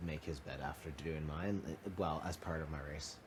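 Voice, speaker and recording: A man chatting in a laid-back, low-key way during late-night talk. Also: steady tone, normal speed, slight background noise. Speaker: reality show houseguest. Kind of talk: casual late-night chat.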